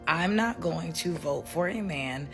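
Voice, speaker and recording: A woman's voice: sits low, expressive, a little slow, creaky, over music. A woman making a social media opinion video, confident, cutting and argumentative.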